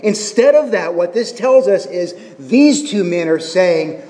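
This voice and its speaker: A man's voice: high-pitched, lively intonation, measured pace, mellow, big-room sound. A middle-aged man preaching a sermon, earnest and explanatory, with humorous asides about his family. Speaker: pastor.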